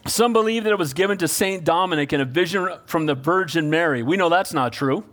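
A man preaching a sermon, calling out for amens and swinging between loud emphasis and hushed pleading. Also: a little high, brisk. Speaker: pastor.

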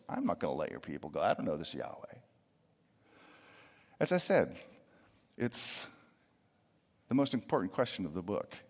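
A middle-aged man preaching a sermon, lively and expressive, swinging from loud emphatic lines to hushed asides. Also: medium pitch, big-room sound. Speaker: pastor.

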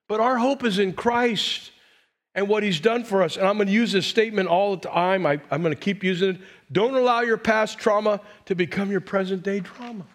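A man in his sixties preaching as a pastor, swinging from loud emphasis to hushed quiet. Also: sits high. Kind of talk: sermon.

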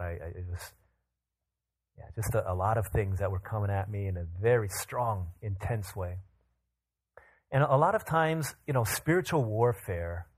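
A man in his thirties preaching a sermon, telling Bible stories with lively acted-out quotes. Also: on the low side, husky. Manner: animated storytelling, acts out quotes in bursts. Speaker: pastor.

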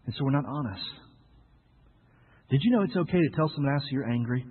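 A male pastor preaching a sermon, with emphatic swings between loud outbursts and quiet asides, rhetorical questions and playful humor. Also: medium pitch, animated, a little fast, breathy edge. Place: church sanctuary. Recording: echoey hall on a tinny lo-fi recording.

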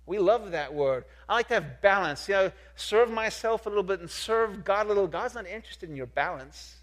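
High-voiced man preaching with emphasis. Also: expressive, brisk. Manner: emphatic, repetitive, rhetorical questions, swings from soft to loud. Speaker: pastor. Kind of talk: sermon.

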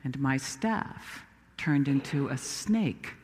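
A man's voice: medium pitch, expressive, takes it slowly, big-room sound. A man playing Moses, a humble, self-doubting Hebrew prophet, in a first-person dramatic sermon told with earnest, emphatic storytelling. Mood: wondering. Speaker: preacher.

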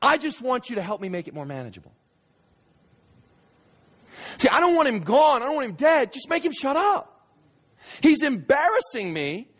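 A man's voice: very high-pitched, very animated, moderate pace, long pauses, fairly bright tone, pitched above the performer's own voice, heavily acted. A man doing a whiny, anxious pleading guy. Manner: whiny, protesting. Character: anxious man clinging to his sin.

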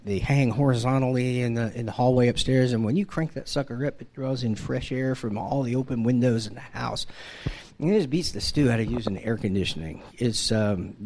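A man's voice: medium pitch, a little mellow. A middle-aged man tells a self-deprecating personal story in a casual, conversational way. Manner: wry, self-deprecating, conversational with frequent restarts. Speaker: father telling a personal story.

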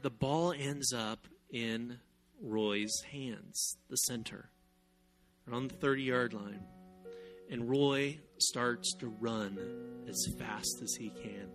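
A male pastor gives a sermon and tells a story, and his voice rises in animated, loud bursts. Plucked guitar music plays softly behind him. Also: mid-range voice.

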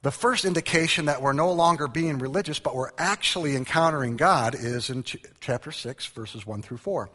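A man preaching a sermon, reading scripture quietly and then calling out to the congregation with animated emphasis. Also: mid-range voice, moderate pace, hardly any pauses, long reverb tail. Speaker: pastor.

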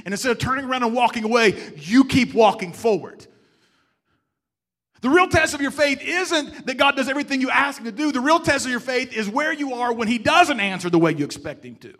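A man delivers a sermon in a very high, expressive voice at a fairly quick pace. He is emphatic and stammers through restarts, putting rhetorical questions to his congregation as he swings between loud emphasis and soft, hushed lines.

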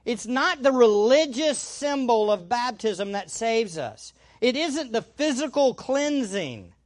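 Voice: mid-range voice, big pitch swings, slow. A pastor preaching an expository sermon to a room full of people, emphatic, posing rhetorical questions and answering them. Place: church room with an audience.

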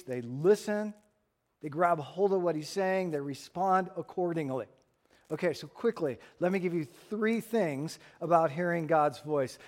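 A middle-aged man preaching a sermon as pastor, animated and playful, acting out little scenes for humor. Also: fairly high pitch. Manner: animated storyteller, acts out voices for humor.

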